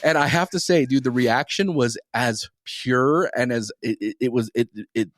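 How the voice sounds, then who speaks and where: Animated male podcast co-host, dry sound. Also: medium pitch, moderate pace, no echo. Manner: animated storyteller, swears freely. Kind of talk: casual podcast banter.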